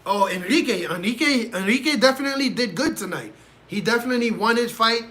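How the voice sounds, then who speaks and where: A man's voice: very high voice, expressive, a little fast, bright, forceful tone. A man hosting a casual livestream, ranting in an exasperated way and talking straight to his chat from a room at home. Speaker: livestream host reacting to fights.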